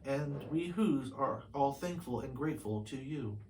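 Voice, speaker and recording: A man voicing a tiny, grateful male town mayor while reading a storybook aloud, speaking softly and quietly. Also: fairly high pitch, normal speed, a little hiss or hum, close to an everyday voice.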